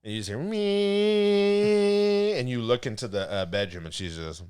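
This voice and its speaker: A man's voice: on the low side, fast talker, smooth. A man co-hosting a podcast, telling a funny story in casual chat and laughing often as he goes. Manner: laughs often while telling stories, animated. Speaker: podcast co-host.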